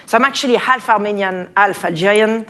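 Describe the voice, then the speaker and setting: A woman's voice: medium pitch, a little fast, a bit bright. A woman with a French accent giving a playful, chatty talk to a live audience, full of fillers and restarts. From France. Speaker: speaker at an event. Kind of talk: conference talk. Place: event hall before a live audience.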